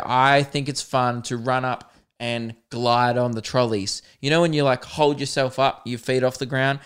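A young man with an Australian accent, a podcast host telling a rambling, animated comic story and swearing often. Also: mid-range voice, clear, resonant tone. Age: young adult. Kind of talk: comedic storytelling.

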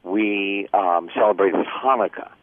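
An older man chats as a guest and drifts into jokey stories in a casual way. His voice sits low and comes through a tinny phone line that sounds dry and close. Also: unhurried, no room sound. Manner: chatty, jokey storyteller. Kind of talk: casual chat.

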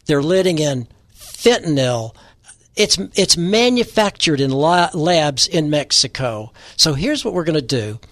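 A man in a radio-style interview lays out his political plans with forceful, repetitive declarations. His voice sits a touch high and is recorded dry and close, with no room sound. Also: no echo. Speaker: political candidate guest.

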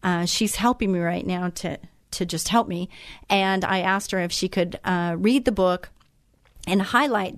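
A woman's voice: mid-range voice, dry recording. Middle-aged woman radio host, chatty and rambling, close dry studio sound. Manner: chatty, with fillers and restarts. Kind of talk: casual radio talk.

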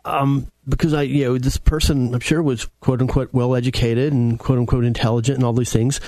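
A man hosting a casual political talk show, chatty and quick to laugh, often restarting his sentences. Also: mid-range voice, flat delivery, dark tone, no room sound.

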